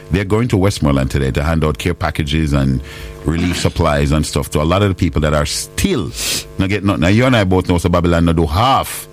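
A man with a Jamaican accent hosting a casual live talk, mixing patois storytelling with frequent laughter. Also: deep voice. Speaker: host.

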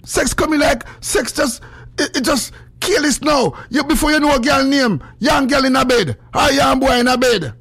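A man with a Jamaican accent hosting a call-in radio show, swinging between loud preachy shouting and low mumbled asides. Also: normal speed. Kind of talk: animated call-in radio rant.

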